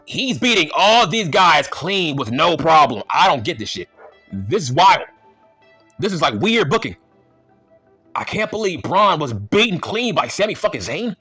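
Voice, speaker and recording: A man ranting in a casual, exasperated and profane way as a wrestling show reviewer, repeating his points with a slightly husky voice. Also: on the high side, big pitch swings, a little slow, bright, forceful tone, faint music behind.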